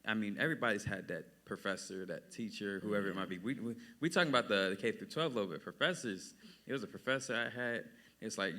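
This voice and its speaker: A man with a low voice and a bright, forceful edge, talking loosely in a casual podcast discussion. He wanders through his thoughts before getting to the point. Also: a little fast.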